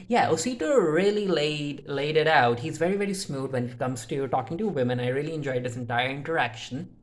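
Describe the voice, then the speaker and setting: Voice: mid-range voice, quick pace, hardly any pauses. Chatty TV recap reviewer, mid-height voice. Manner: retells scenes in the characters' voices with "he's like" and "she's like"; loose and unscripted, with frequent "uh" fillers and restarts. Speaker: TV episode reviewer. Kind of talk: casual spoken episode recap.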